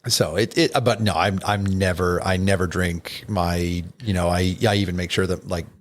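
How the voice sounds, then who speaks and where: A man, a doctor, chatting casually as a podcast guest, explaining things in a relaxed way with many restarts and fillers. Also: sits low, moderate pace, a little hiss or hum. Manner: laid-back, explains with frequent restarts and fillers.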